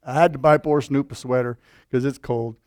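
A man's voice: medium pitch, steady tone, moderate pace, darkish tone, no room sound, studio quality. A man preaching a sermon in a conversational way, with asides and rhetorical questions to the congregation. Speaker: pastor.

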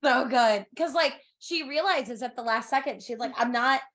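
A woman's voice: high voice, normal speed, a bit bright. A woman co-hosting a book podcast, reacting emphatically in casual chat and reading passages aloud. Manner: emphatic reactions, frequent agreeing murmurs.

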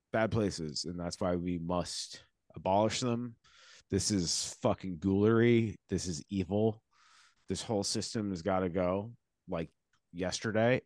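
Deep-voiced Boston man ranting. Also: darkish tone, no room sound. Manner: profane, impassioned ranting. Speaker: podcast co-host. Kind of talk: casual chat, reading an article aloud with commentary.

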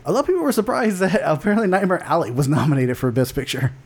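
A man's voice: a little high, sing-song, fast, gravelly, slight background noise. A man co-hosting a podcast, chatting casually and bluntly about film award nominations, with lots of restarts and casual swearing. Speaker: podcast co-host.

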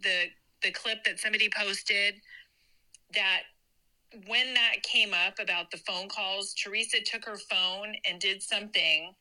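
A woman's voice: medium pitch, steady tone, unhurried, bright, forceful tone, low-quality recording. A woman co-hosting a podcast over a video call, giving blunt, exasperated commentary in casual chat. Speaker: podcast co-host. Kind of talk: casual chat about reality TV.

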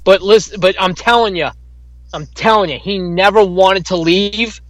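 A man's voice: high-pitched, moderate pace, a bit bright, dry recording, low-quality recording. A man co-hosting a casual podcast, arguing his point emphatically and swearing often. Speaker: podcast co-host. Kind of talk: casual wrestling chat.

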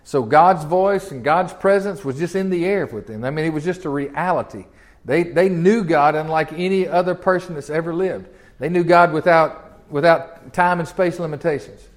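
A man's voice: on the high side, moderate pace. A man leading a conversational Bible study, reading scripture aloud and explaining it, often repeating words and asking rhetorical questions. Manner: repeats words and restarts phrases. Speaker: Bible teacher.

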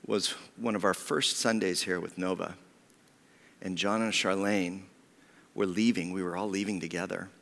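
A pastor delivers a personal sermon, speaking from the heart and often sinking to a near whisper. His voice sits on the lower side. A long reverb from the church hall hangs on every phrase. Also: fairly even intonation, moderate pace, vocal fry, a bit bright. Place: church sanctuary.

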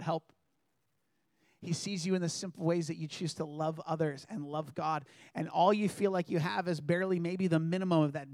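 A man's voice: fairly high pitch, dry recording, clean studio sound. A man preaching a sermon in an earnest, conversational way, reading scripture aloud and addressing the congregation directly.

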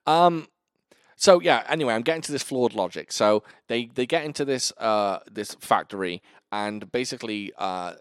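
A man's voice: mid-range voice, normal speed, clean tone, no echo, clean studio sound. A man co-hosting a casual movie-review podcast, rambling and swearing as he tells the plot. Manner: rambling, swears freely, lively storytelling. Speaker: podcast co-host.

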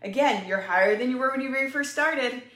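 A woman's voice: high voice, fast, fairly bright tone. Upbeat chatty woman coaching, echoey room. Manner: upbeat and encouraging, chatty with fillers. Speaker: health coach. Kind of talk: casual livestream pep talk. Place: home room, drawing on a whiteboard.

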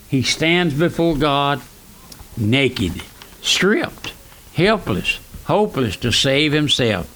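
Old preacher guy in his 90s, fervent radio sermon, goes loud then hushed. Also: fairly high pitch. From South Louisiana. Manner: fervent preaching, swings between raised and hushed lines.

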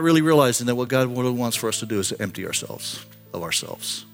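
Pastor, man in his 60s, earnest sermon storytelling, impassioned to hushed, faint music behind. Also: medium pitch, expressive, quick pace. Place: church sanctuary.

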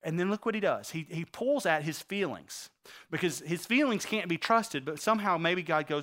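A man preaching a sermon, acting out the quotes he reads and swinging between loud outbursts and hushed lines. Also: fairly high pitch, animated, normal speed.

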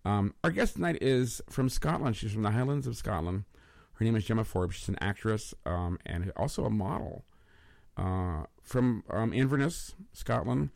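A man's voice: lowish voice, animated, normal speed, creaky, darkish tone, dry recording, studio quality. A man hosting a casual talk show, rambling with many restarts and repeated words as he chats and introduces a guest. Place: studio in Los Angeles.

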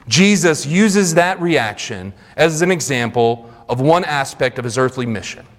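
A man preaching a sermon in a church sanctuary, retelling scripture earnestly with conversational asides. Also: fairly high pitch. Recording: long reverb of a large hall.

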